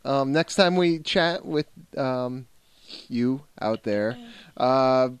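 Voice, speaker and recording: A woman hosting a casual family podcast, talking in a halting way with lots of fillers and restarts. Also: extremely low pitch, animated, clean tone, no room sound. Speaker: podcast host.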